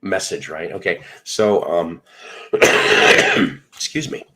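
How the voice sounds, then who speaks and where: A middle-aged podcast host from Northern Illinois casually tells a profane story, acting out the dialogue. He speaks slowly in a low, bright, forceful voice and is very animated.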